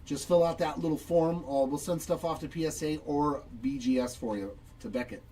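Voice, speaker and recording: A man's voice: on the high side, normal speed, mellow, distant mic, slight background noise, low-quality recording. A man hosting a live trading card break, chatting upbeat and reacting to each pull while answering viewers.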